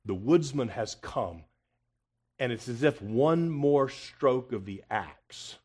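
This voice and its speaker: A man preaching a confrontational expository sermon, asking rhetorical questions and swinging from loud emphasis to hushed tones. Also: mid-range voice, expressive, takes it slowly, slightly rough.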